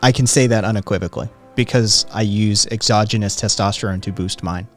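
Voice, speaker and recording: A brash man hosts a livestream and talks back to his viewers in a loose, teasing way. He swears freely and needles the people he answers. Faint music plays low behind him. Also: brisk. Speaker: livestream host.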